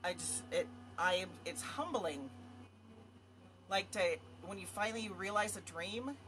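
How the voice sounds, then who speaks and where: A woman's voice: mid-range voice, expressive, measured pace, a bit bright, a little hiss or hum. A woman vlogging to her viewers in casual talk, effusive and rambling. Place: home area in Montana.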